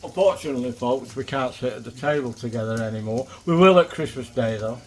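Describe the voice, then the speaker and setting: A man's voice: mid-range voice, fast talker. Chatty older Manchester man cooking. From England. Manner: chatty, swears casually, chuckles often. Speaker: cooking vlogger. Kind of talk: casual chat while cooking.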